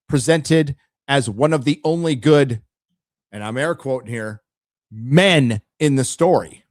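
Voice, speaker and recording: A man's voice: medium pitch, a little mellow, no room sound, clean studio sound. Blunt, ranting male livestream host. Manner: blunt, ranting, frequent stammered restarts; addresses chat directly. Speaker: live show host. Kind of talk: casual opinionated livestream commentary.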